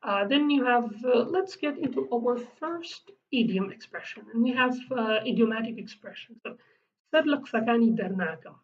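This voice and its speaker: Woman teaching words, lots of restarts, kinda far from the mic, dull lo-fi sound. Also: on the high side. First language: Kurdish. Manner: halting, searching for words, frequent restarts. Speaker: language teacher. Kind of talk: explaining vocabulary in a lesson.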